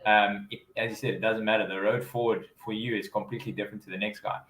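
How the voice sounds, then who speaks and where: A man's voice: lowish voice, fairly even intonation, quick pace, a bit bright. Hesitant male host in an echoey room. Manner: hesitant, many restarts. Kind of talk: interview host chat. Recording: roomy echo.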